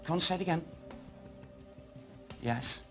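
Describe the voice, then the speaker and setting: A man working as a medium on a ghost hunt, speaking haltingly and addressing unseen spirits. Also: a little high, sharp tone, faint music behind. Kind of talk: psychic reading on a ghost hunt. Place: dark old historic building, indoors.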